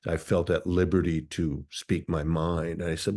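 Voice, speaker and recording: A man's voice: low-pitched, flat delivery, moderate pace, few pauses, a little mellow. A man around sixty, from Minnesota, speaking as an interview guest. He tells reflective, articulate stories. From Minnesota, USA. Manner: thoughtful, articulate, philosophical.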